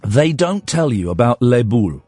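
A man's voice: medium pitch, big pitch swings, normal speed, a little mellow, slightly rough, no echo, faint music behind. A man hosting a late-night radio phone-in, playful and rambling as he jokes with a caller. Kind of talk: late-night call-in chat. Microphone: studio microphone.

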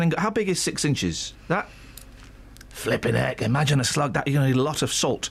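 Jokey English radio host, lively pitch. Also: male voice, fairly quick, creaky, slightly rough. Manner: jokey, rambling, reads stories with comic asides. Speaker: radio presenter. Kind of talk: casual breakfast radio chat.

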